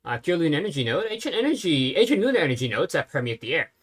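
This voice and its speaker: A game streamer giving casual let's-play commentary, thinking aloud and pausing often with fillers. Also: mid-range voice, sing-song, slightly rough.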